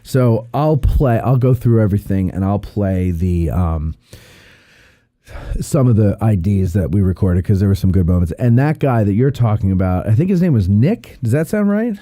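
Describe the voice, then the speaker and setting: An American man hosting a podcast, rambling through stories in an easygoing chat. His voice is dark and mellow, and his pitch swings widely as he talks. The sound is dry and close. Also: moderate pace, no echo. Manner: rambling, animated storyteller. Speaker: podcast host. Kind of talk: casual chat.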